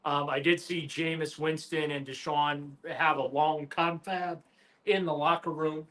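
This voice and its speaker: A man co-hosting sports radio, his voice sitting a bit high with a bright, ringing tone. He talks animatedly and with emphasis, restarting phrases as he makes his points. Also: fairly even intonation, a little slow. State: has the hiccups. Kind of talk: casual sports talk.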